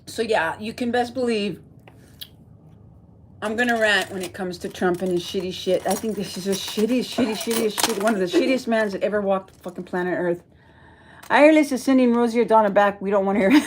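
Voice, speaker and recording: A woman's voice: mid-range voice, a little fast, a little hiss or hum. A woman from Texas talking to viewers on a livestream, rambling and emotional, reading and answering the chat as she goes. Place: at home.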